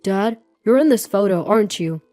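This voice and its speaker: A calm, composed young man who speaks firmly and a little loud, as a woman reads his lines. The voice stays even over a faint bed of music. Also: medium pitch, normal speed, natural voice. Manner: calm and firm.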